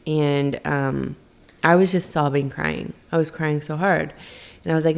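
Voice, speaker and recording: Low-voiced woman telling a personal story. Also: measured pace, vocal fry. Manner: rambling, self-correcting, many fillers. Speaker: podcast host.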